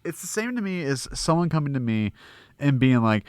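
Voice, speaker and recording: A man's voice: a little high, big pitch swings, brisk, clear, resonant tone, dry recording. A young man from the United States hosting a casual watch-along stream, ranting and rambling with plenty of swearing. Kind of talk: casual livestream chat. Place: home room.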